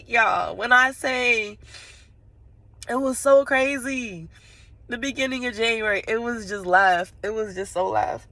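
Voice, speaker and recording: A woman's voice: on the high side, a little slow, bright, forceful tone, no echo. A woman vlogging from inside her parked car, tearful and sniffling, rambling straight to her viewers and laughing through her tears. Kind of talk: casual vlog monologue.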